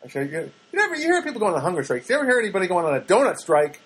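A man's voice: sits high, huge pitch swings, racing, hardly any pauses, fairly bright tone, breathy edge, rough recording. A man talking to camera in a casual, rambling monologue, full of restarts and wry asides. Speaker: vlogger.

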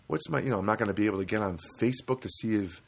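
A man with a fairly low voice tells a funny story about his own life. He rambles with plenty of stops and restarts and grumbles at himself along the way. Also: very fast, gravelly, slightly rough. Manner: self-deprecating, rambling, grumbling. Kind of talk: humorous anecdote monologue.

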